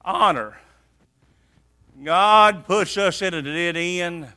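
A man preaching a sermon, swinging from hushed asides to shouted emphasis. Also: high voice, drawn-out words.

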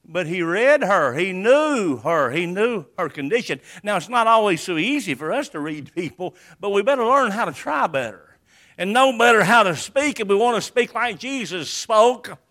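An older man preaching a sermon, swinging from loud declarations to hushed asides with folksy humor. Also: high voice, very animated, normal speed. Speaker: pastor.

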